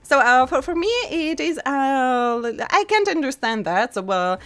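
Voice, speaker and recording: A woman's voice: sits high, lively intonation, measured pace, fairly bright tone, faint music behind. A woman streamer with a non-native English accent, chatting casually with her viewers, full of fillers and laughing often. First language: not English. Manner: chatty, frequent fillers and laughs, reads chat aloud. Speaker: VTuber streamer.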